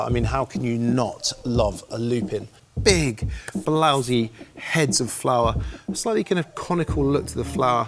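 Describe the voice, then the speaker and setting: Outdoors, an enthusiastic man with a gravelly, medium-pitched voice chats casually through a how-to on gardening, tossing in jokey asides. Music plays beneath his voice.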